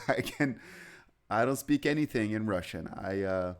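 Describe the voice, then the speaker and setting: A man's voice: on the low side, expressive, measured pace, smooth. A man giving live chess commentary, rambling and chatty, with anecdotes between moves.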